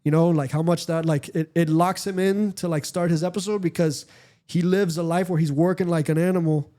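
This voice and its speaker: Male podcast host, casual and meandering, mellow tone, swears offhand. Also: a little high, steady tone, a little fast. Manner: rambling, frequent fillers and profanity. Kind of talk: casual chat.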